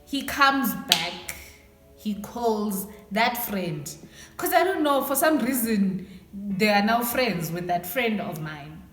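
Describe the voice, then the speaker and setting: A young South African woman casually telling a story time to her viewers, animated and acting out what people said. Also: medium pitch, slow pace. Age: young adult. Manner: animated, switches into Xhosa phrases, acts out quotes. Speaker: vlogger. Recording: echoey room with faint background music.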